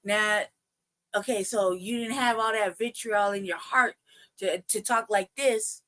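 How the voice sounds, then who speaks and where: A woman hosting a livestream, giving a heated, profane rant that circles back on itself as she tries to calm herself down. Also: mid-range voice, a little slow. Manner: profane, heated, repetitive ranting; trying to calm herself down between outbursts. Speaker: livestream host. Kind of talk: ranting commentary livestream.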